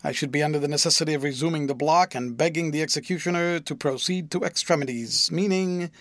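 A man's voice: fairly high pitch, fast talker, a bit bright, dry recording. A man voicing a fussy, secretive elderly guardian who speaks in a stiff, formal, confiding way. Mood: solemn. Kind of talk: audiobook dialogue reading.

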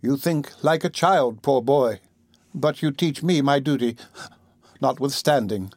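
A man's voice: mid-range voice, dry recording, natural voice. A man voicing a grieving elderly aunt. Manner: slow, trembling and gentle.

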